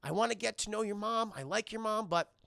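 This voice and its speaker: A man voicing a smooth, ingratiating middle-aged male vampire. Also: sits high, a little fast, bright, forceful tone, dry recording, studio quality, heavily acted. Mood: smarmy.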